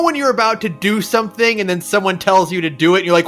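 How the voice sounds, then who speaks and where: A man co-hosting a casual podcast, talking excitedly and swearing as he laughs about a video game's scenes. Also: high-pitched, fast talker, soft background music. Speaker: podcast co-host. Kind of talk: casual chat.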